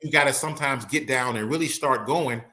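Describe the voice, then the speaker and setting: A man's voice: mid-range voice, a little fast, bright, forceful tone. A man, an attorney and guest, analyzing a trial in casual conversation, acting out courtroom quotes with slangy asides. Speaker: criminal and appellate attorney, guest. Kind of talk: casual legal analysis chat.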